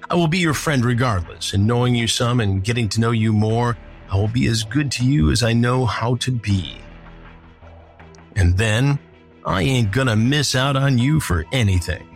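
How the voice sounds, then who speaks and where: A man hosting a podcast, retelling a story in a measured, dramatic way. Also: lowish voice. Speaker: podcast host. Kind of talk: storytelling narration.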